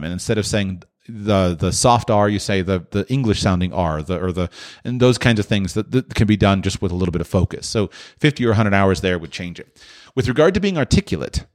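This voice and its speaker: A man hosting a question-and-answer podcast, talking through his answer off the cuff with frequent restarts. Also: fairly low pitch. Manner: thoughtful, with frequent restarts and filler. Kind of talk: unscripted monologue.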